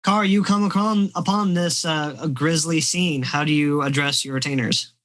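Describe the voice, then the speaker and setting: A man running a tabletop game as game master, describing scenes in a relaxed storytelling way. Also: fairly high pitch, normal speed, rough recording.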